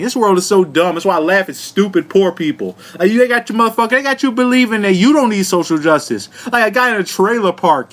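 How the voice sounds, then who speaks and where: High-voiced man ranting with profane mockery. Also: fast talker, hardly any pauses, a bit bright. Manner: profane, mocking, laughing, talks down to viewers. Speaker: vlogger. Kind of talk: comedic commentary rant.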